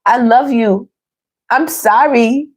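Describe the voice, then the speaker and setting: A woman's voice: on the high side, slow pace. A woman voicing a panicked, whiny male ex-lover who cries and pleads in a comic role-play. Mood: pleading, sobbing. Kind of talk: comic role-play within a tarot reading.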